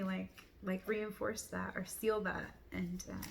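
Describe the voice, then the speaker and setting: Lowish gravelly woman just musing softly to camera, earnest, rambly, faint room hum behind. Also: flat delivery, slow. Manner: soft, rambling, many "like" fillers, gentle laughs; earnest, affirming. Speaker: spiritual vlogger. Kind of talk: casual reflective monologue.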